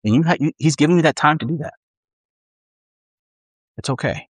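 A man's voice: a little high, moderate pace, slightly rough, dry recording, rough recording. A man preaching a sermon as pastor in a conversational way, often acting out inner voices and restarting his phrases.

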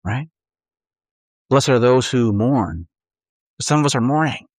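A man's voice: medium pitch, lively intonation, slow, no room sound, low-quality recording. Conversational male pastor, dry close sound. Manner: conversational, acts out inner voices, frequent restarts. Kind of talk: sermon.

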